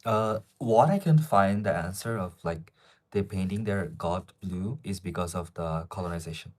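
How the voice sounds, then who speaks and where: A young man in his twenties with an Asian accent in English, talking in a low voice on a casual live stream. He reads out viewer questions and answers them off the cuff, rambling from one point to the next. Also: normal speed. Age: 20s.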